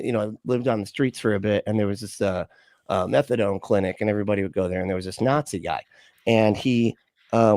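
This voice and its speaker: A man's voice: lowish voice, a little mellow, no room sound, clean studio sound. A man in casual livestream chat, rambling and profane, packed with "like" and "you know". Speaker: livestream co-host.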